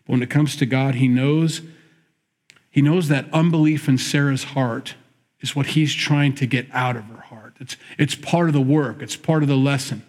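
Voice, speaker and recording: A middle-aged man gives a conversational sermon from the pulpit. He reads a verse, then muses aloud on it with plenty of self-correction. His voice sits at an ordinary middle pitch. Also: fairly even intonation, normal speed, darkish tone. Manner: reflective, musing, reads scripture aloud then comments. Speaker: pastor.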